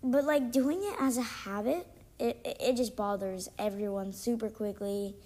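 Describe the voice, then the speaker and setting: A woman's voice: a little high, normal speed, dark tone. A woman hosting a casual solo podcast, chatting in an exasperated way full of ums and likes. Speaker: podcast host; student.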